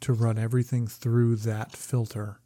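A man co-hosting a relaxed book discussion, his voice warm and mellow. He thinks out loud, often restarting his sentences as he works through a point. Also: medium pitch, moderate pace. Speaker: podcast co-host.

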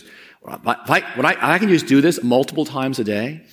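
A man's voice: mid-range voice, animated, normal speed, fairly bright tone. A man preaching a conversational sermon as pastor, earnest and often repeating words as he presses a point.

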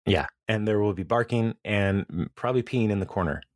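A man's voice: lowish voice, brisk, no echo, studio quality. A man hosting a podcast, casually recapping episodes, rambling and often laughing as he quotes characters. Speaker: podcast host.

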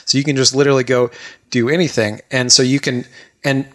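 Excited, rambling man. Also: mid-range voice. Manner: excited, rambling, quick bursts. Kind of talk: casual chat.

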